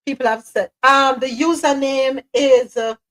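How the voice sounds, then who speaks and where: A woman's voice: high voice, unhurried, rough recording. A Jamaican woman hosting a live talk show, speaking emphatically and sometimes slipping into patois. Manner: animated, emphatic, slips into patois. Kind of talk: casual talk-show commentary.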